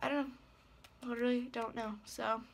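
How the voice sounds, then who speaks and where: Heavy background noise sits behind this woman's fairly high, level voice, which has vocal fry and moves at normal speed. The ASMR creator, in her 20s, rambles hesitantly and anxiously in a personal vlog, trailing off among many fillers, worried and upset.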